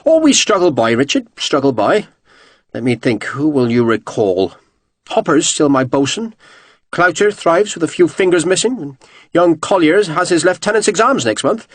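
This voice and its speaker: A man's voice: on the high side, big pitch swings, moderate pace, no echo, voice pushed up. A man voicing a tall, fair-haired naval captain with a Devonshire accent, friendly and wry.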